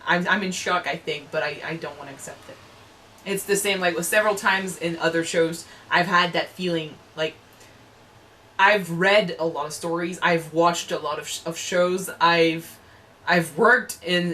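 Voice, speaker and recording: A woman hosting an anime reaction chat, animated, swearing freely and restarting her sentences. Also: lowish voice, moderate pace, rough recording.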